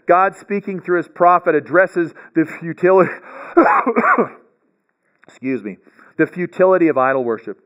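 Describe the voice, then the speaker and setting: In a bible lecture, a male bible teacher explains things step by step, often checking in with "right?" and restarting his sentences. His voice is high-pitched with a fairly bright tone, and the recording sounds muffled.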